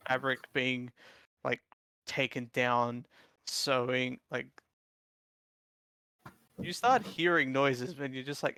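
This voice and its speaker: A man's voice: medium pitch, fairly even intonation, slow pace, long pauses, sharp tone, no room sound. A man narrating a tabletop game as game master, in a casual, rambling way full of fillers.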